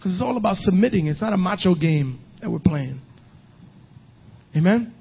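A male pastor preaching a sermon, emphatic, often shouting and half-singing his lines. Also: high voice, animated, moderate pace, creaky, slightly rough, highs cut off.

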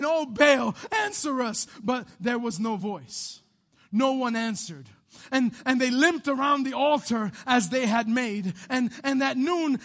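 A man pastor preaching a sermon, swinging between loud animated bursts and hushed quiet passages. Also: extremely high pitch.

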